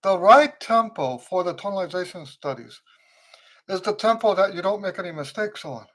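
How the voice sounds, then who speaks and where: A man teaching trumpet on a live-stream Q&A, tired and weak with a fading voice, speaking slowly and repeating his key points for emphasis. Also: sits high, animated, a bit bright.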